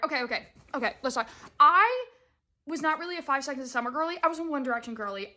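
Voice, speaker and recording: A young woman chats on her podcast, her voice bright and sitting a bit high. She rambles through her stories with lots of animated asides and acts out what everyone said along the way. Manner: rambling, animated storytelling with acted-out quotes. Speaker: podcast host. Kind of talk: casual chat.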